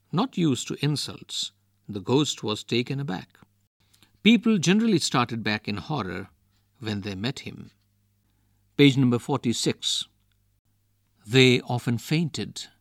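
A man reads a storybook aloud at a very slow, unhurried pace. His pitch rises and falls expressively, and the recording is dry and close. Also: vocal fry, fairly bright tone, dry recording. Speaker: reader.

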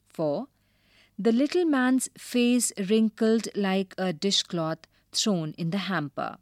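A woman teacher reading a storybook aloud and explaining new words slowly and carefully. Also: mid-range voice, no room sound, studio quality. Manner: slow, careful and expressive.

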